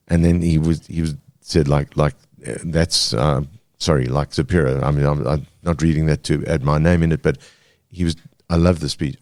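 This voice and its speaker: A very low-voiced man speaks haltingly, full of fillers and restarts. His voice is close and dry, with no room sound. He talks as a podcast guest about his work. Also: fairly even intonation, a little mellow, no room sound. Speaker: guest cartoonist. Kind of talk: podcast interview.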